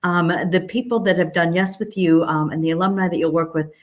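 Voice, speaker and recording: A woman's voice: fairly low pitch, fairly even intonation, fairly quick. Friendly woman addressing alumni. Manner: friendly, filler-heavy, um before most phrases. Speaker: alumni program speaker. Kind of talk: prepared speech to an audience.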